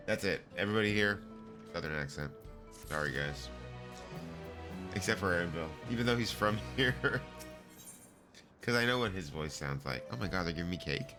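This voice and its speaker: Low-voiced joking game streamer. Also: male voice, expressive, moderate pace, pauses often. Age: middle-aged. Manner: joking, self-mocking, laughing asides. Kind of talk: casual gaming stream, reading dialogue aloud. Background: faint game music.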